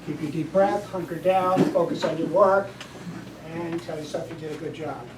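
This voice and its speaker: A woman teacher with a fairly low voice coaches a class through a routine, directing the group step by step. She is recorded from far off in an echoey classroom, with clear background noise around her. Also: normal speed. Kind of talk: classroom instruction.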